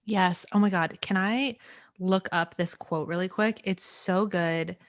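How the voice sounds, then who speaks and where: Eager low-voiced woman podcaster. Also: steady tone, measured pace, dry recording, studio quality. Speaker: podcast co-host. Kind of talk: casual podcast chat.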